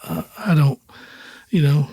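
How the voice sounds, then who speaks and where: This guest, a country singer in his sixties, rambles casually through interview anecdotes, quoting others and chuckling easily. He speaks a little slowly in a slightly high voice with a dark tone and a breathy edge. The studio sound is clean, without echo.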